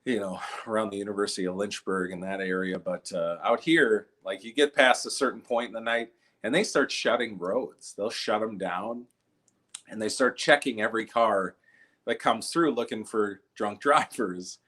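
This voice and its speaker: Husky young comedian telling stories. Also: male voice, moderate pace, a bit bright. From Minnesota. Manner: loose storytelling, acts out quoted people in jumpy high voices. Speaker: stand-up comedian. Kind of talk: online stand-up set from home. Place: home.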